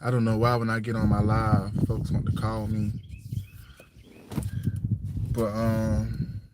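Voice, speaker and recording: A man's voice: lowish voice, completely flat delivery, slow, background noise. A single father chatting casually on a livestream. He is firm and plainspoken, repeats himself, and keeps checking in with "you know what I'm saying". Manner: firm and plainspoken about household rules.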